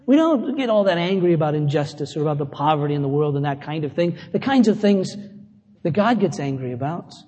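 A man's voice: fairly high pitch, animated, brisk, dark tone, in a large hall. A middle-aged male pastor preaching a conversational sermon, mixing scripture with self-deprecating asides.

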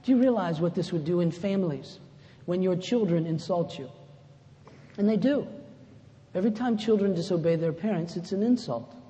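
A pastor giving a sermon in a conversational way, rising to loud emphatic lines and dropping to soft, low asides. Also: male voice, normal speed. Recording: echoey hall with faint ambience.

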